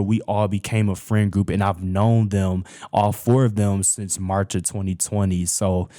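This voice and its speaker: Low-voiced young man telling stories. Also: mellow, dry recording, clean studio sound. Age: young adult. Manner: chatty, addresses listeners as "y'all". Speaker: host. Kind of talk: casual personal storytelling.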